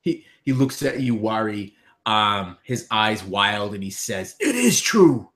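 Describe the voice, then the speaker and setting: Guy running a tabletop game, lowish voice, chill, um-heavy. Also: slow pace, sharp tone. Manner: loose, filler-heavy narration. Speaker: game master.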